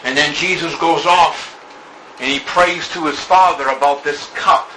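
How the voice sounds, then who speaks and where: A man's voice: fairly high pitch, fairly even intonation, sharp tone, a little hiss or hum, low-quality recording. A male pastor preaching a sermon in church during a service, emphatic and repetitive, stretching out key words. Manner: emphatic preaching with repeated phrases and drawn-out words.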